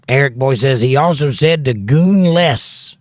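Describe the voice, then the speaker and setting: A man's voice: mid-range voice, animated, slow, dry recording, clean studio sound. A man hosting a casual livestream, reading viewer comments aloud and chatting about them. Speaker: livestream host reading chat.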